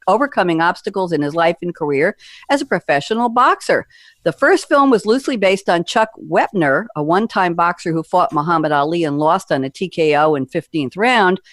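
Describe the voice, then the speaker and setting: A radio host steers a panel discussion in a chatty, joking way and wanders into rambling asides. The voice sits at a middle pitch. It is recorded close on a dry studio mic with no room sound. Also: no echo. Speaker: radio talk-show host. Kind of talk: conversational radio hosting.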